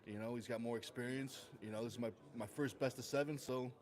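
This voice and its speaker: A man's voice: medium pitch, fairly even intonation, fast, darkish tone. A man answering press questions in a laid-back, understated way, laughing them off. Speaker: fighter guest. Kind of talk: casual interview answers.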